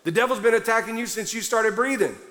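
A male pastor preaching a sermon with loud, fervent emphasis to a congregation, a little out of breath. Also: high-pitched, fast. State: somewhat out of breath. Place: large church hall before a congregation. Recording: long hall reverb.

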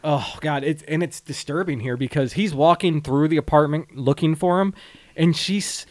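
A man's voice: fairly high pitch, normal speed, darkish tone. A man co-hosting a podcast, chatting casually about a film in a blunt, crude, jokey way and laughing often. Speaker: podcast co-host.

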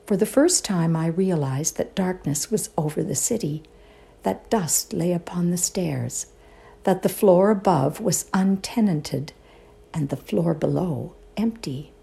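A woman performing a dramatic reading of a ghost story, hushed and suspenseful, often dropping to a whisper. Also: lowish voice, measured pace, gravelly. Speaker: reader in a readers' theatre show.

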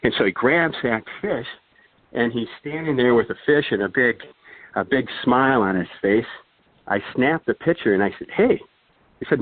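A man's voice: mid-range voice, breathy edge, no echo. A man, a podcast guest, telling a long anecdote in a casual, rambling way, chuckling and throwing in asides. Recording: thin phone-like sound, dry.

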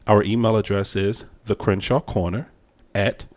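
A man's voice: lowish voice, steady tone, normal speed, a little mellow. Playful man co-hosting a couple's podcast. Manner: playful, teasing, puts on a formal voice. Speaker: podcast co-host. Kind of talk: casual couple's podcast chat.

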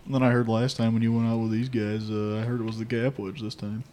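A man's voice: mid-range voice, flat delivery, quick pace, dark tone. A man co-hosting a casual after-work chat, teasing and joking with his friends.

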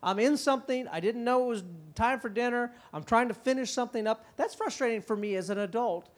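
A middle-aged man speaking at a parenting conference, lively and conversational, often slipping into quick impressions of parents and kids. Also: very high-pitched. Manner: animated, acts out parents and kids in quick quoted voices. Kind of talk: conference talk.

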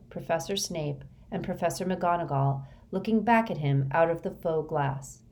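A woman reading a story aloud as narrator, in a steady, measured way. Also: low voice. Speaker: audiobook reader.

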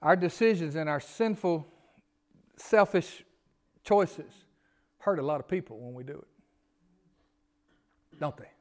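Pastor, high voice, folksy sermon. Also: male voice, expressive, a little slow, pauses often, darkish tone. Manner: folksy, asks the congregation questions, pleading rises. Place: church sanctuary.

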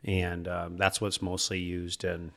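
A man's voice: low voice, monotone, unhurried, sharp tone. A man in his thirties from Iowa, a seed company co-founder chatting easily as a podcast guest. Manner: easygoing, rambling with fillers. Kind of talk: casual podcast interview.

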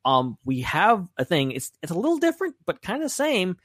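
A man co-hosting a podcast in casual chat, talking in an excitable, rambling way. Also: sits high, a little fast, dry recording, studio quality. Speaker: podcast co-host.

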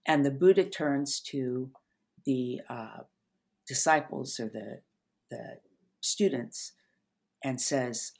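Older lady w a super low voice, slow gentle storytelling, soft trailing endings. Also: fairly even intonation. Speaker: author and therapist guest. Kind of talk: reflective interview talk.

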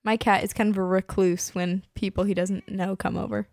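A woman's voice: medium pitch, flat delivery, moderate pace, creaky, darkish tone, dry recording, clean studio sound. A young woman co-hosting a podcast in casual chat, giggly and full of filler words. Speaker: podcast co-host.

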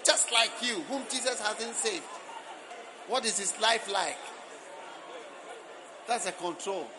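A man with a Ghanaian accent, a bishop preaching to a camp gathering, teasing and joking with the congregation and breaking into shouts. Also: sits high, slow. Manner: teasing, animated, bursts into shouts and laughter. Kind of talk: lively sermon with banter. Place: large church camp gathering. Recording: live crowd and noise behind.

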